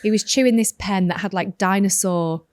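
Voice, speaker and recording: A woman in easy podcast chat, telling family stories with animated energy. Her voice sits mid-range and sounds dry and close, with little room around it. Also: mid-range voice, normal speed, dry recording. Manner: chatty storyteller, animated retelling. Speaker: podcast co-host. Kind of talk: casual chat.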